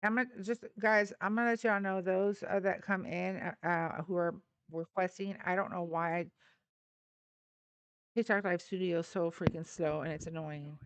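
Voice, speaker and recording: A woman hosting a live stream, brisk and slightly impatient as she moderates callers. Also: on the low side, fairly even intonation, clear, resonant tone, no room sound.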